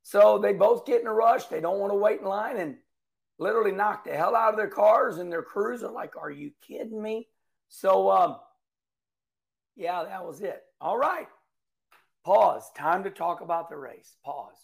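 Folksy racing commentator, middle-aged man, lively storyteller, high raspy tone. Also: normal speed. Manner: folksy, animated storytelling with acted-out quotes. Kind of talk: casual monologue.

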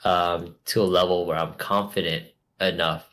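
A man's voice: deep voice, level tone, moderate pace, fairly bright tone. A man hosting a casual podcast chat, rambling with plenty of fillers. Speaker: podcast host.

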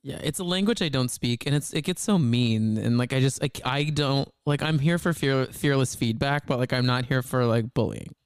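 A man hosting a podcast in casual chat, talking quickly with lots of "like" fillers. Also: mid-range voice, clear, resonant tone, no room sound, studio quality. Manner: quick talk full of "like" fillers. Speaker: podcast host.

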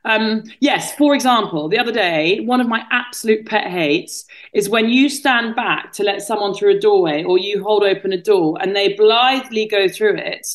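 A woman's voice: medium pitch, moderate pace, few pauses. A woman with an English accent, a podcast guest talking frankly and self-deprecatingly in casual conversation. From England. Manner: candid, self-deprecating, laughs at herself.

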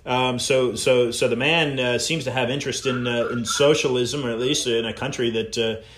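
A man's voice: mid-range voice, steady tone, normal speed, fairly bright tone, reverberant. A man hosting an interview show, speaking hesitantly with many filler words. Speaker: show host.

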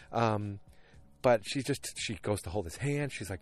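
A man hosting a casual solo podcast, retelling a TV episode at home in a rambling, animated way full of fillers and restarts. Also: fairly low pitch, moderate pace, breathy edge. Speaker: podcast host recapping a TV episode. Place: at home, alone at night.

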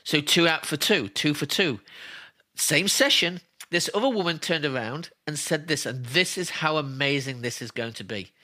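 Earnest man with a bright, forceful voice. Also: fairly high pitch, lively intonation, normal speed. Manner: earnest, emphatic, repeats himself for stress. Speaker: interview guest, spiritual healer. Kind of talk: emotional personal storytelling.

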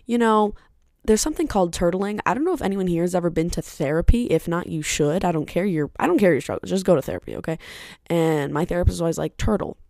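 A young woman hosts her own podcast in a loose, chatty monologue, speaking bluntly and swearing freely. Her voice sits low and mellow, with a gravelly edge. The sound is dry and close, with no room echo. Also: quick pace. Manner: candid and blunt, with frequent swearing; chatty and rambling, with side remarks. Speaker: podcast host.

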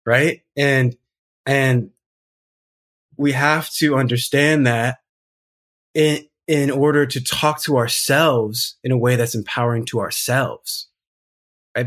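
A man's voice: medium pitch, a bit bright. Earnest man with emphatic delivery. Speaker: podcast guest. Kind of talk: casual conversation.

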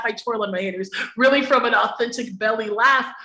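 Bright-voiced laughing woman in echoey room. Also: fairly high pitch, normal speed, few pauses. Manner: laughs often, emphatic, frank with profanity. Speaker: podcast guest. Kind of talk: candid conversational interview.

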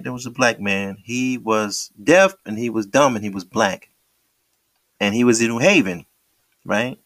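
A man hosting a podcast, talking in a casual, slangy, animated way full of rhetorical questions. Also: on the low side, no echo. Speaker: podcast host.

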